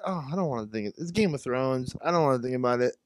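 A young man hosting a reaction video, exclaiming loudly and swearing often in casual commentary. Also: medium pitch, quick pace, dry recording. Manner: loud, excitable, profane exclamations.

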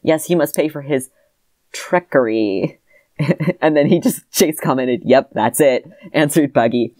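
A woman co-hosting a comedy podcast, reading her old childhood story aloud in a dry deadpan and breaking into laughter. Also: sits low, a little slow, dry recording.

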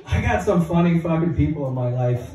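Brief: young stand-up guy, animated and crude, high voice, distant mic. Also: a little fast, heavy background noise. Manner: profane, animated storytelling. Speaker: stand-up comedian. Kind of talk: stand-up comedy set. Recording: echoey hall, mic heard from afar.

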